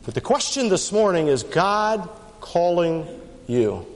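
Pastor guy preaching a sermon, super lively up and down delivery, long echo in the sanctuary. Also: slow pace. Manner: dramatic rises and drops in pitch and pace.

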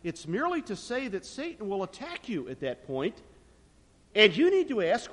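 A high-voiced man preaching a sermon, his delivery swinging widely in pitch and loudness for emphasis. His voice carries a long echo from a large church sanctuary. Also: very animated, normal speed. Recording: long reverb of a large hall.

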